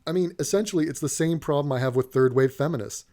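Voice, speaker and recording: A man's voice: fairly high pitch, fast talker, dark tone. A man giving a profane, sarcastic comedic rant while reacting to an advert, sounding exasperated and swearing freely.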